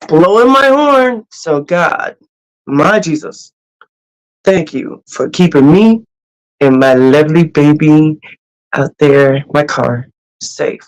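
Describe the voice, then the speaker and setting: A host chatting casually on a livestream, greeting viewers and telling stories in an animated, laughing way. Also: medium pitch, unhurried, low-quality recording. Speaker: cruise channel host.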